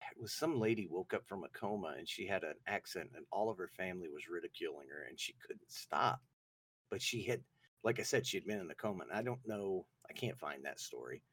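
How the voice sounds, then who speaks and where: Animated Southern man joking around. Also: lowish voice, slightly rough, no echo. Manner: animated, jokey, acts out voices. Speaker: podcast co-host. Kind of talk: casual comedic chat.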